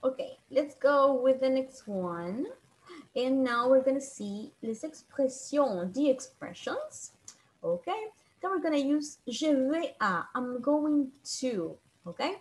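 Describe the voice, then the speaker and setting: A woman teaching an online class on a video call, patiently repeating and translating phrases slowly. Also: high-pitched, expressive.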